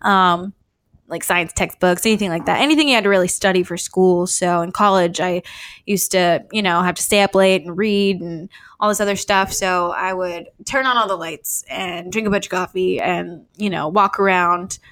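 A woman's voice: lowish voice, moderate pace, fairly bright tone. A woman guest on a podcast, a writer, talking casually and explaining her ideas at length.

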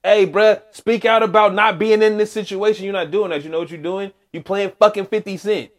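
A podcast co-host in casual sports chat, ranting emphatically and profanely. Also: male voice, sits high, steady tone, brisk.

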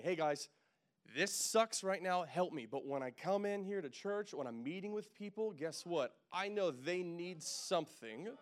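Young man, pastor, lively sermon, fairly high voice, jokes with the crowd, quiet then loud. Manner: joking, animated, swings from quiet to loud. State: sweating in a hot room. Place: church sanctuary.

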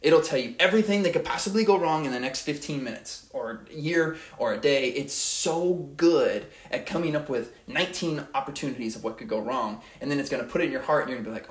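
A man's voice: medium pitch, fast talker, few pauses. Earnest young man in an echoey room. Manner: earnest, rambling, repeats phrases. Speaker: podcast host. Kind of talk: motivational monologue.

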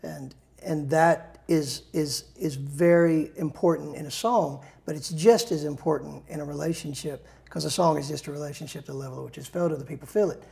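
Gravelly-voiced man telling rambling stories. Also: on the high side, a little fast, hardly any pauses, darkish tone. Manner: rambling, frequent restarts and self-corrections; folksy, self-deprecating humor. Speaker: songwriter. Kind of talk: casual interview storytelling.

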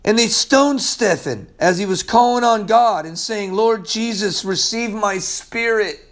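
A man preaching a sermon in a casual, slangy way, swinging from loud emphasis to hushed asides. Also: sits high, a little slow.

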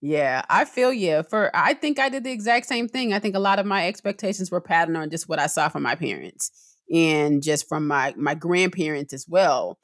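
A middle-aged woman co-hosting a podcast in casual conversation, expressive, with her voice rising when she gets excited. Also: low voice, moderate pace, no room sound, clean studio sound. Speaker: podcast co-host.

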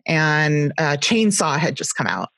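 A woman's voice: low-pitched, sing-song, measured pace, fairly bright tone, dry recording. A woman with a West Coast accent co-hosting a podcast, chatting casually and rambling with many hesitations. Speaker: podcast co-host. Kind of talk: casual interview chat.

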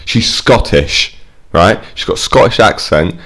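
Man, very low voice, crude, rambling, casual podcast chat. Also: animated, unhurried, fairly bright tone, breathy edge. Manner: crude, swearing, loose and rambling.

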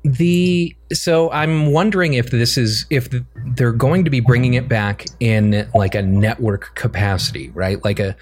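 A man's voice: mid-range voice, a little slow, darkish tone. A man co-hosting a casual gaming chat, thinking aloud with plenty of fillers and restarts. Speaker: podcast co-host.

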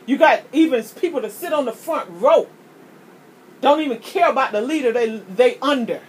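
A woman preaches a sermon. She speaks with fervor and stacks up repeated words as she drives her points home. A faint noise floor sits behind her. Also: sits high. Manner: impassioned, preachy, repeats words when starting a thought.

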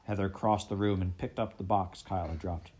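A man narrating a storybook with a steady, expressive reading. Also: sits low, a little fast, slightly rough. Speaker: audiobook reader.

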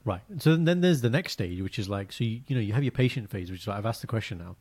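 Animated man telling a story. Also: mid-range voice, quick pace. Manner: animated storyteller, acts out quotes. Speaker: podcast co-host. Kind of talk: casual chat.

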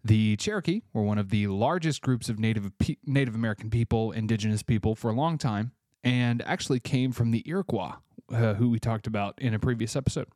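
A man's voice: fairly low pitch, fairly quick, dark tone, no echo, studio quality. A man from Tennessee, hosting a casual solo podcast with offhand, chatty asides, a bit congested. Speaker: podcast host.

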